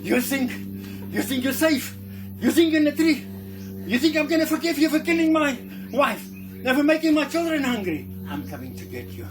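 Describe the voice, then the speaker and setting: A man voicing a furious father lion who shouts threats high and loud. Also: animated, quick pace, hardly any pauses, far from the mic, over music. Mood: enraged.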